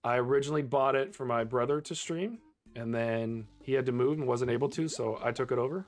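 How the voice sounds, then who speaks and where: A man's voice: medium pitch, brisk, faint music behind. A young man chatting casually with his viewers while he plays a game on stream, laughing often. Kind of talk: casual live-stream chat while gaming.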